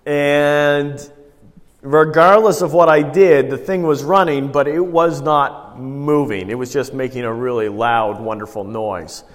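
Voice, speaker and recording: A man's voice: mid-range voice, steady tone, unhurried. Man preaching in a reverberant hall. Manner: conversational storytelling with rhetorical questions to the congregation. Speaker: pastor. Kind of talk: sermon.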